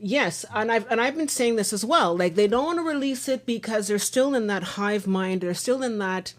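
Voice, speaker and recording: A woman's voice: fairly high pitch, expressive, normal speed. A woman hosting a podcast discussion, talking in an earnest, rambling way and often repeating her words as she gets emotional. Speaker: podcast host.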